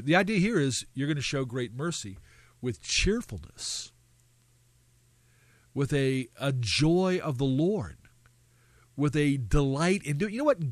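An earnest man with a fairly high voice teaching a session on spiritual gifts. He talks in preacherly runs, stacking phrase after phrase. The sound is close and dry, with no room around it. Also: no echo. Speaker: Bible teacher.

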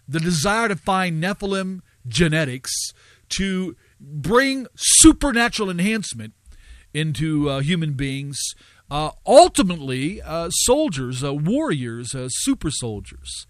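An earnest male host of a live radio show, recounting events and exhorting his audience with plenty of ums and uhs. His voice sits slightly high for a man, and the studio sound is dry and close. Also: very animated, unhurried, no room sound. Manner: earnest preaching cadence with fillers. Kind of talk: live radio talk, storytelling.

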